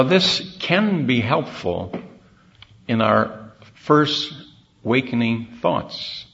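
A man with a low, gravelly voice delivers a deliberate convention sermon, pausing now and then with small fillers. The recording sounds dull and lo-fi, like an old archival tape. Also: fairly bright tone. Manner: measured, deliberate, with pauses and fillers. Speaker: speaker at a religious convention. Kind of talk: sermon-style Bible talk.

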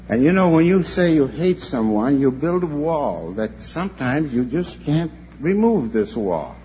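A man's voice: on the high side, sing-song, measured pace, a little mellow. An older man preaching a sermon to a convention. He tells a story earnestly and sometimes repeats himself as he goes. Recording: dull lo-fi recording with faint hum.

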